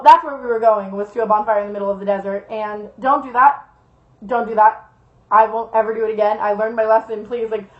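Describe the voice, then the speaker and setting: Young woman vlogger, higher voice, chatty storytime delivery, heavy swearing, lo-fi and roomy recording. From Las Vegas, USA. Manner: rambling, swears a lot, repeats herself for emphasis. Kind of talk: casual storytime.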